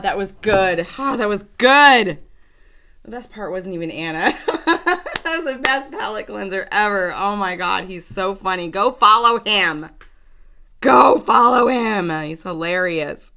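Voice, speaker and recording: A woman's voice: medium pitch, bright, forceful tone. A woman hosting a reaction commentary video, laughing hard and swearing freely as she talks. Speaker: commentary channel host.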